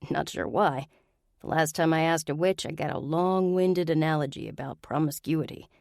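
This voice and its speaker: A woman's voice: deep voice, normal speed, gravelly, darkish tone, no room sound. A woman voicing a wry young male mage who talks in a dry, offhand way.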